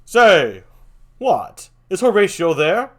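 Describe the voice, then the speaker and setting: A man voicing a jumpy young male castle sentry, declaiming old verse loudly. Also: high-pitched, sing-song, slow pace, voice pushed up, exaggerated voice. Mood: alarmed. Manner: loud, sharp, raised declamation.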